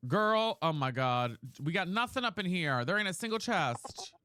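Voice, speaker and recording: A game streamer chatting live with viewers while playing, profane and excitable, swinging between low grumbles and loud squeals. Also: moderate pace, no echo, studio quality.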